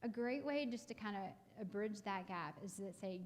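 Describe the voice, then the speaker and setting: A woman's voice: mid-range voice, normal speed, hardly any pauses. A woman, counseling parents in a casual live talk, chatty with many fillers and restarts. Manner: acts out parents and kids in quoted lines.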